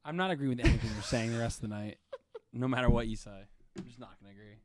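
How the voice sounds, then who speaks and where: A man's voice: medium pitch, quick pace, a little hiss or hum. A young man co-hosting a podcast, playfully needling his friends and stammering as he talks. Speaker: podcast co-host. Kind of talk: teasing casual chat.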